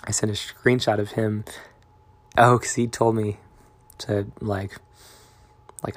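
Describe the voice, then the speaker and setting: A young man talks straight to his viewers in a loose, wandering monologue that drifts from one thought to the next. His voice sits low and stays fairly monotone. It is full of fillers and trailing asides. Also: takes it slowly, long pauses, no room sound. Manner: rambling, meandering, many fillers and trailing thoughts. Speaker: vlogger. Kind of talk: casual rambling monologue.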